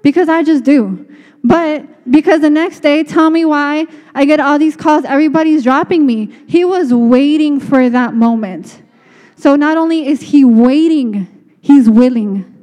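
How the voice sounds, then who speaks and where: A woman preaches in an earnest, chatty way, often restarting her sentences. Her voice sits high but sounds mellow, and a long hall reverb trails after her words. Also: a little slow. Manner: earnest, conversational, many restarts. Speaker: speaker. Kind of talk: sermon.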